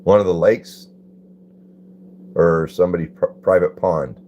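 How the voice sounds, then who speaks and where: A man's voice: low voice, fairly even intonation, unhurried, mellow, muffled recording. A man, hosting a casual phone livestream and greeting viewers by name in a laid-back way. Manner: laid-back, greets chatters by name and reads comments aloud. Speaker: livestream host.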